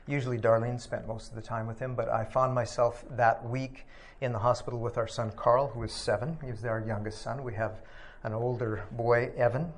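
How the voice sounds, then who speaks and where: A middle-aged man giving a personal testimony, reflective and halting, with many pauses and filler sounds. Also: medium pitch. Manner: reflective, halting with frequent ums and uhs. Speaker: speaker sharing a personal testimony.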